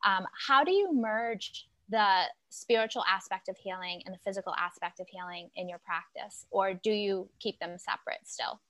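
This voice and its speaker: A woman host asking thoughtful, measured interview questions with some fillers. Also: mid-range voice, fairly bright tone, no echo. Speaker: podcast host.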